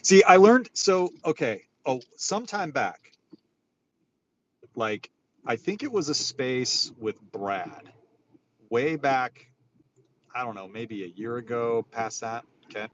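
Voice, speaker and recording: A man's voice: mid-range voice, expressive, slow, pauses often, muffled recording. A man hosting an online audio room, ranting in a profane, rambling, exasperated way. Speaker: host of a social audio room. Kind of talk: casual ranting chat. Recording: faint background noise.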